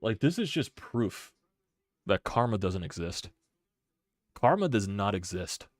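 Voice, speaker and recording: A man's voice: on the low side, sing-song, unhurried, dry recording, studio quality. A man hosting a sports reaction stream, angry and swearing, repeating himself in frustration. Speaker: sports channel host.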